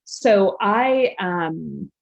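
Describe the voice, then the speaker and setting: A woman's voice: mid-range voice, expressive, extremely slow, creaky, highs cut off. A woman guest who works as a coach, talking candidly and openly about her own parenting. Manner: candid and open, laughing easily. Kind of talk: casual interview chat.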